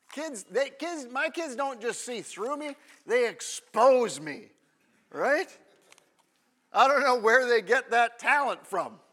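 Man, 30s, pastor; slow, conversational sermon delivery with a bright tone. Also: very high-pitched. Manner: conversational, checks in with the congregation often.

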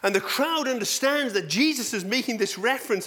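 A male pastor preaching a sermon in an animated, self-deprecating way, full of rhetorical questions. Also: very high-pitched, fairly quick, hardly any pauses.

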